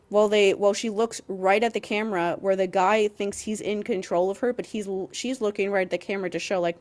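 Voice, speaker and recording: A woman's voice: mid-range voice, fairly even intonation, a little fast, hardly any pauses. A young woman co-hosting a podcast, ranting emphatically with lots of "like" and some swearing. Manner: heated and emphatic, heavy use of "like", swearing. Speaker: podcast co-host.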